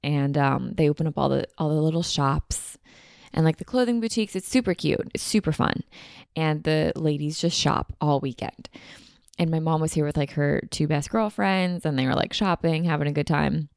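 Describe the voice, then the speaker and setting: A woman's voice: deep voice, moderate pace, creaky, a little mellow, clean tone, no room sound, studio quality. A young woman hosting her own podcast, chatting casually in a bubbly, rambling way from a beach house. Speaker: podcast host. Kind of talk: casual chat.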